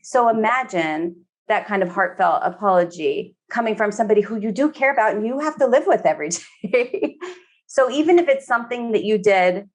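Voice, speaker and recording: A woman therapist talking in a relaxed podcast conversation, filling her speech with "you know" and slipping into quoted voices. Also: medium pitch, brisk. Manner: chatty, many fillers, acts out quoted speech.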